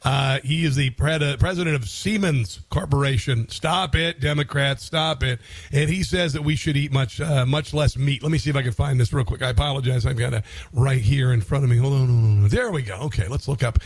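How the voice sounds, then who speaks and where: A man's voice: medium pitch, fast talker, a little mellow, breathy edge, no echo. A man hosting a radio talk show, commenting sarcastically and rambling with fillers.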